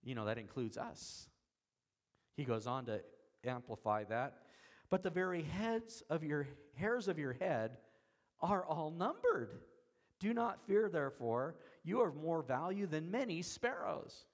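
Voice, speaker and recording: A man preaching an expository sermon, shifting from soft, slow lines to loud emphatic ones, with folksy, self-deprecating asides. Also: fairly high pitch, sing-song. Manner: dramatic swings between soft and emphatic, slows on key words. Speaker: pastor.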